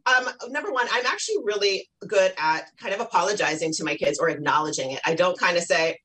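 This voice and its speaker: A woman with a slightly low voice talks as a guest on parenting. She is lively, jumps up in pitch when she quotes herself, and explains things plainly and conversationally. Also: quick pace, few pauses, low-quality recording. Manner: lively, warm, plugs her online academy, acts out quotes. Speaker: guest expert on children's self-esteem. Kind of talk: casual interview talk.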